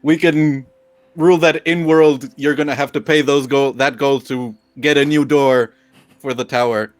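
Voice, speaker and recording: A man running a tabletop game as game master, calmly describing scenes to the players. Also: mid-range voice, normal speed. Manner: calm descriptive narration.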